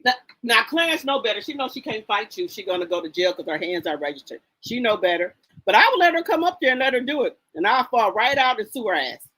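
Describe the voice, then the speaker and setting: Chatty higher-pitched woman streamer. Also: sing-song, fast, a bit bright, rough recording. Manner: chatty and sassy, greets viewers by name. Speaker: live-stream host. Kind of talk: casual gossip commentary, reading chat aloud.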